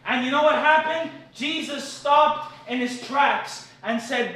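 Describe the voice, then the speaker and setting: A man preaching a live sermon at a cafe meeting, telling stories and building up to shouted declarations. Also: extremely high pitch, unhurried, hardly any pauses, heavy reverb, distant mic, poor audio. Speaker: pastor.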